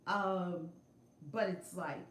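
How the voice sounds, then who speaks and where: A middle-aged woman telling a story on a casual livestream from a room at home, animated and emphatic, repeating her phrases. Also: on the low side, extremely slow, roomy sound, slight background noise. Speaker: spiritual vlogger. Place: home room with altar and shelves. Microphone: phone camera.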